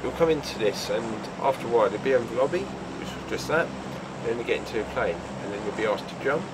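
An older man hosting his own gaming channel, giving casual commentary while he plays at his home computer, chatty and quick to laugh. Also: medium pitch, expressive, very noisy. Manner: chatty and laughs easily, gets loud and sweary in action.

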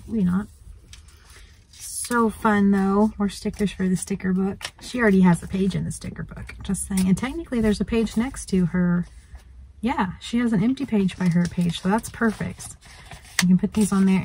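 A woman's voice: mid-range voice, dark tone, slight background noise, low-quality recording. A woman vlogging outdoors by a lake, chatting and gushing, sometimes dropping to a whisper. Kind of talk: casual chat.

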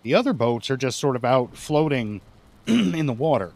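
A man's voice: medium pitch, sing-song, moderate pace, gravelly, darkish tone. A man streaming a game live, commenting casually as he plays and grumbling and swearing when things go wrong.

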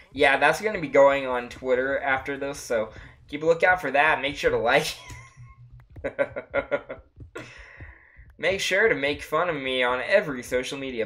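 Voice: mid-range voice, a bit bright. A livestreamer giving casual gameplay commentary, laughing often and breaking into frequent exclamations. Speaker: livestreamer playing a block-building game. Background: faint music playing.

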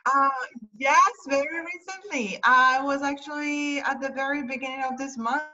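A woman's voice: sits high, normal speed, bright, forceful tone, faint music behind. A woman from Italy with an Italian accent, talking casually as an interview guest, laughing often and leaning on fillers. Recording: distant, muffled mic.

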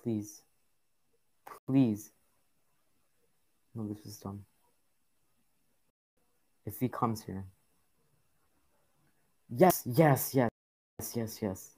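A man's voice: fairly low pitch, little pitch movement, slow, pauses often, husky. A man giving casual gameplay commentary, grumbling and swearing at the game in frustration. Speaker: gaming YouTuber.

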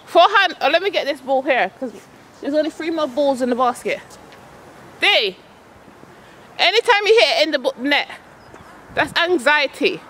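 A woman's voice: sits high, lively intonation, moderate pace, long pauses, fairly bright tone. A woman coaching her son at tennis on an outdoor court, calling out shots and chatting casually to her vlog viewers. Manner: calls out shots, chatty and coaxing.

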